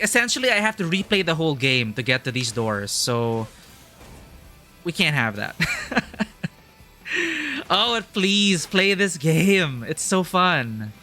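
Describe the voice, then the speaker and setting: A man talks through a video game on a live stream, rambling from one thought to the next and breaking into laughter often. His voice is bright, and game music plays softly behind him. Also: a little high. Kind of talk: casual live gameplay commentary.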